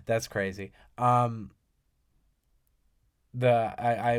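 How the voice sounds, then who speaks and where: A young man talks through music in casual, excitable commentary and swears freely. His voice sits low and sounds smooth and resonant. He jumps from loud bursts to quiet, mumbled asides. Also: takes it slowly, pauses often. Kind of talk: casual commentary reading lyrics aloud.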